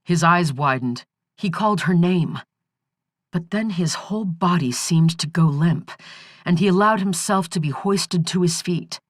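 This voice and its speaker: A woman narrates a thriller audiobook in a steady, even storytelling manner. Her pace is very slow and her voice sits on the low side. The recording is dry and close, with no room sound. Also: dry recording. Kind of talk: scripted narration.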